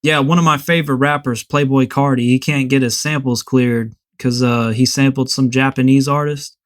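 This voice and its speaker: A man's voice: medium pitch, fairly even intonation, normal speed. Laid-back man. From New Orleans. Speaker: podcast guest. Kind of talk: casual comedic chat.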